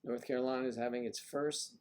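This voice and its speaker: A man's voice: mid-range voice, level tone, a little fast, a little mellow, clear, resonant tone. A man hosting a casual livestream, rambling playfully and greeting viewers by name. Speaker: livestream host.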